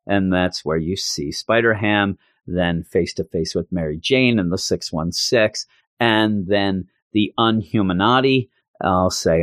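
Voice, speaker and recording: A man co-hosting a podcast, recapping a comic issue in casual chat and switching into goofy high voices when quoting characters. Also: a little slow, no room sound, studio quality. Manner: animated retelling, jumps into high goofy voices for quotes. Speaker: podcast co-host reviewing comics.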